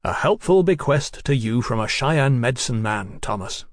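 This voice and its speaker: A man voicing a gruff, hearty middle-aged explorer in a storybook reading. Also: medium pitch, expressive, moderate pace, no room sound, clean studio sound, close to an everyday voice.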